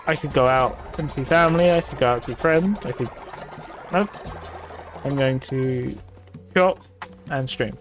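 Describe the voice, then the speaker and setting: A man's voice: mid-range voice, measured pace, pauses often, faint music behind. A man, talking casually on a gaming stream, swearing freely as he rants in exasperation.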